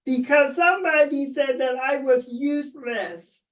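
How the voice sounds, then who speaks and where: A hurt little puppet boy who talks in halting bits, sad and sore at heart, as a woman puts him on. His high, slow voice comes from a little off the mic, as in a children's puppet show. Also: recorded from a distance, poor audio.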